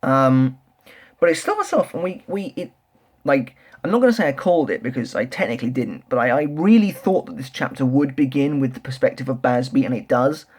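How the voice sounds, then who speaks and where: Young man, casual manga review, rambling, excitable, lots of ums and restarts. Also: mid-range voice, brisk. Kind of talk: casual solo review chat.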